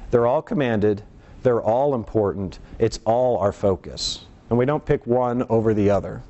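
A man's voice: on the low side, moderate pace, warm tone, lo-fi sound. A man preaching a sermon in a conversational way, often putting rhetorical questions to his congregation.

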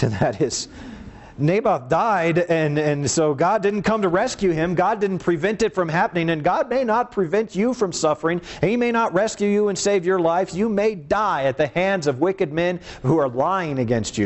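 A man preaching a sermon and reading scripture aloud, earnest, asking rhetorical questions and dropping low and slow to stress a point. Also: lively intonation.

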